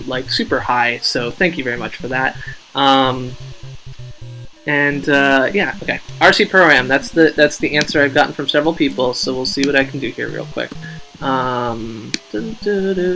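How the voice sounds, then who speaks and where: A man's voice: mid-range voice, pushed and bright, a little hiss or hum, poor audio. A man hosting a casual game live stream, rambling, joking at his own expense and reading out viewer names.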